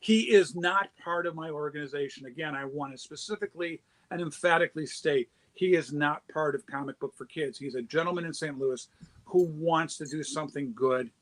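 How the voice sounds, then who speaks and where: A man, a charity founder appearing as a guest, telling an anecdote in a casual, animated way with quick restarts. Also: a little high, rough recording. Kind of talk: casual storytelling.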